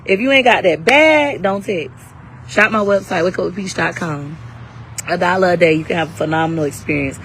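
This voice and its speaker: A woman's voice: lowish voice, brisk, fairly bright tone, a little hiss or hum, low-quality recording. A woman selling her class live on her phone outdoors, brash and hyped, talking in slang while a little under the weather. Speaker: live-stream seller and coach. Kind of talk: casual livestream sales talk.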